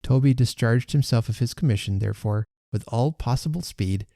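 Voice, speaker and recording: Mellow-voiced man reading a story aloud. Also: medium pitch, creaky, no room sound, clean studio sound. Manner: calm, measured storytelling. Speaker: podcast host reading a book. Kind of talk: audiobook-style narration.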